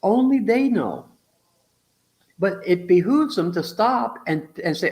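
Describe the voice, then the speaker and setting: A man's voice: high-pitched, lively intonation, slow, pauses often, darkish tone. A man in a casual discussion, explaining ideas bluntly with restarts, mild swearing and acted-out quotes. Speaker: relationship teacher in a conversation.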